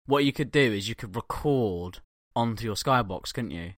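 A man, co-hosting a podcast and telling animated, blunt anecdotes with plenty of swearing. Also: lowish voice, normal speed, no echo, clean studio sound. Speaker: podcast co-host. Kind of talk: casual chat.

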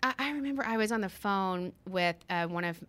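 A bubbly middle-aged woman from the American South, telling animated stories in casual chat. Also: medium pitch, a little fast, clean tone.

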